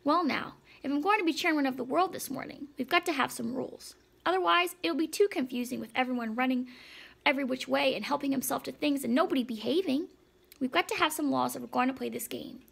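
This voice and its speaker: A woman reading as a tiny dapper mouse gent playing teacher in a storybook, high and gravelly, snapping out orders and brushing questions aside with brisk little dismissals. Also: a bit bright, exaggerated voice. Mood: lecturing.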